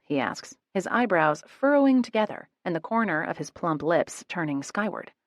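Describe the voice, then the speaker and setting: A woman narrates a first-person romance audiobook with an expressive, wry delivery. Her voice sits somewhat low. The recording is close and dry with no room sound. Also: moderate pace, dry recording.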